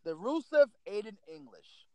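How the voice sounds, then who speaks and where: A man's voice: high voice, sing-song, normal speed, no echo, dull audio. A man co-hosting a wrestling podcast, ranting in an exasperated, profane, pleading way. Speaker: podcast co-host. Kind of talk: casual wrestling podcast rant.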